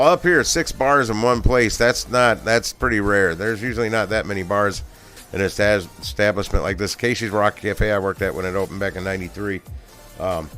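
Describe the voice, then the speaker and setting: A middle-aged man with a fairly low voice spins long, rambling bar stories in a loose, profane way. He laughs a lot between lines, and faint music plays behind him. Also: fairly bright tone. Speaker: live stream host. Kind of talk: casual storytelling.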